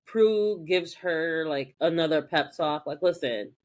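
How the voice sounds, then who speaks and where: A woman co-hosting a podcast, chatting casually as she recaps a TV episode and acts out the characters' lines in quick voices. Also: low voice. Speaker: podcast co-host.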